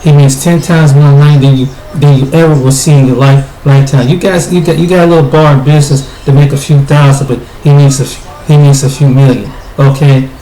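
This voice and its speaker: A man from the United States delivers a blunt spoken commentary in a mellow, somewhat high voice. He restarts and repeats words often as he talks. The recording is roomy and echoey, with a faint noise underneath. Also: fairly even intonation, fairly quick, few pauses. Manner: blunt, repetitive, with frequent restarts. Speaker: video commentator.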